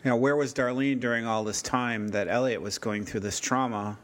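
Male podcast co-host, medium pitch, halting and questioning. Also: steady tone. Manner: musing, halting, many restarts and questions. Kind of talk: casual TV discussion podcast.

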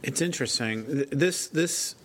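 Male podcast co-host, medium pitch, halting and questioning. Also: a little hiss or hum. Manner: musing, halting, many restarts and questions. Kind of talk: casual TV discussion podcast.

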